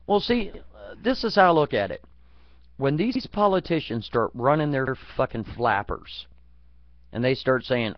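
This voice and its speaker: A man's voice: mid-range voice, expressive, slow pace, pauses often, no echo. A man in a profane, angry political rant, swearing constantly and talking crudely. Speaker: vlogger. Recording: dull lo-fi dry recording.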